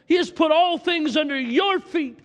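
A man's voice: extremely high pitch, normal speed, soft background music. A man preaching a sermon, passionately reciting scripture aloud to his congregation.

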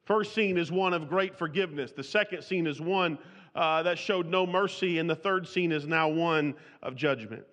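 A man's voice: fairly high pitch, normal speed, fairly bright tone, muffled recording. A man preaching an expository sermon, reading scripture aloud in old-fashioned wording and often restarting his sentences. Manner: reads scripture aloud in King James wording; restarts and repeats words while speaking freely. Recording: long hall reverb.

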